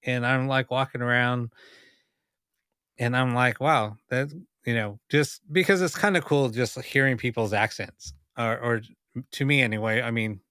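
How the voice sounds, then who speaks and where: Male podcast host, bright and crisp, chatty storyteller who keeps restarting his sentences. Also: mid-range voice, normal speed, dry recording, clean studio sound. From United States (Los Angeles). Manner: rambling anecdotes with many fillers and restarts. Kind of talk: casual podcast chat.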